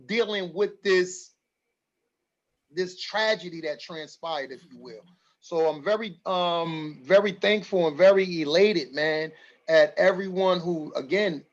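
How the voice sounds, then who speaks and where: A man's voice: high voice, dull audio. A man hosting a community forum over a video call, emotional and rallying, repeating his phrases for emphasis. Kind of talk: livestreamed community meeting.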